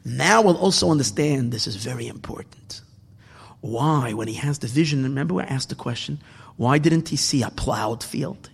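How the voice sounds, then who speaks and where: Gravelly, husky rabbi giving a sermon. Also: male voice, mid-range voice, lively intonation, moderate pace, big-room sound. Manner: swings from loud emphatic bursts to hushed near-whispers. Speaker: rabbi teaching a Torah class.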